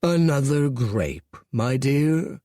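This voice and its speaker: A man's voice: medium pitch, expressive, slow pace, dark tone, dry recording, studio quality, voice pushed up. A man voicing a pampered, cruel male God King who drawls languidly and complains with cold menace underneath. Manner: languid, self-pitying, coldly menacing.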